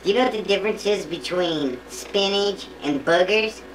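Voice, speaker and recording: Halting woman telling jokes. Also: lowish voice. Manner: halting, repeats words and restarts mid-sentence. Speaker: joke teller. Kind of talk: casual joke telling. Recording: faint background noise.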